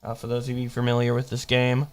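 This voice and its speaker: A man's voice: medium pitch, completely flat delivery, fast talker, clear, resonant tone. A man giving casual live-stream commentary, rambling through chat logs and mocking the quotes as he reads them aloud. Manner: rambling, restarts while checking dates.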